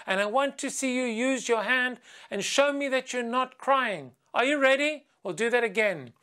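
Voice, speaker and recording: This is a children's English video lesson led by a woman who talks slowly and clearly. She patiently poses quiz questions, and when she leads the class chant she sings it higher and more lively.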